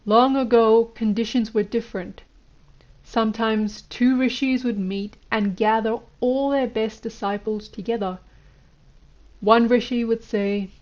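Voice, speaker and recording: A woman's voice: a little high, darkish tone, highs cut off, close to an everyday voice. Woman reading as a stern old guru. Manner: instructive, lecturing. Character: elderly male Indian guru, stern teacher.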